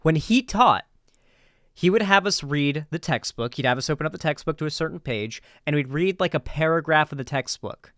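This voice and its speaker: A man telling a casual, rambling story in commentary style, animated and swearing now and then. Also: a little high, moderate pace, dry recording, studio quality.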